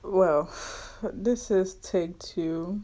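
A young woman in her twenties with a Nigerian accent hosts her own podcast. She talks casually in a slightly low voice, full of sarcasm and banter. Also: drawn-out words, mellow, a little hiss or hum. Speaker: podcast host. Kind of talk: casual solo podcast chat.

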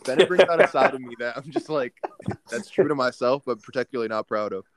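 A man's voice: medium pitch, animated, quick pace, a bit bright. A young man co-hosting a casual podcast, joking crudely and swearing freely. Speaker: podcast co-host.

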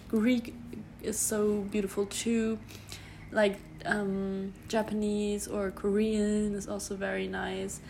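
A German woman of around 20, in her early twenties, hosts a solo podcast, rambling casually in German-accented English with many fillers and self-corrections. Her voice is medium-pitched, with slight background noise.

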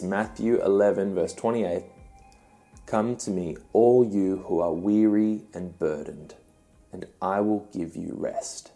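Warm-voiced young youth pastor. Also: male voice, deep voice. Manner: earnest, with gentle emphatic pauses. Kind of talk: devotional teaching talk.

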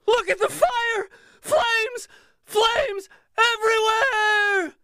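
A man's voice: drawn-out words, bright, forceful tone, shouting, slight background noise, heavily acted. A man voicing a frantic woman who screams, half mad, about a fire she sees. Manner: shrill, frantic shrieking.

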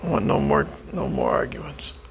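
Tired, gravelly-voiced man speaking reflectively. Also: a little high, lively intonation, a little hiss or hum, low-quality recording. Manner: slow, reflective, prayerful. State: tired and weak. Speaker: vlogger. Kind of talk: personal monologue to camera.

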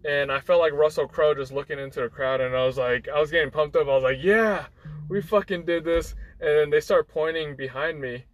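This young man's voice sits on the high side with fairly even intonation, and he talks quickly with hardly any pauses. As guest storyteller he rambles through a casual personal anecdote, stumbling over fillers and restarts while acting out others' words. The audio quality is poor.

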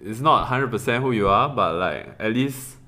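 A man's voice: on the low side, animated, moderate pace, pushed and bright. A young man with a Singaporean English accent co-hosting a casual podcast, rambling with many fillers and bursts of laughter. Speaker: podcast co-host. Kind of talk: casual chat.

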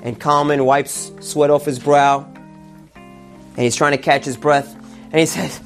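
A man telling a religious story and drawing its lesson, with animated emphasis on key words. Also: a little high, measured pace, pauses often, soft background music.

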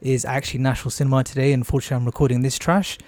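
Jokey mid-pitched podcast host man. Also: level tone, racing, a little mellow. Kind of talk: casual podcast intro and chat.

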